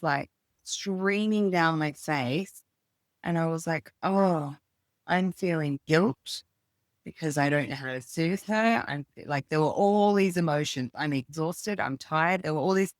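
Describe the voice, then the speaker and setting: A woman in her thirties, a podcast guest speaking casually and reflectively, thinking aloud with pauses. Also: deep voice, no echo, clean studio sound. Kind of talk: casual conversation.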